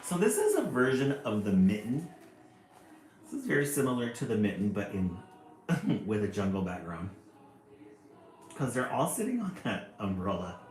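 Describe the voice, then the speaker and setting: Man reading a children's book aloud, lively asides, roomy echo, faint music behind. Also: fairly low pitch. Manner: lively, chatty asides about the pictures. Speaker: storybook reader. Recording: echoey room, faint music.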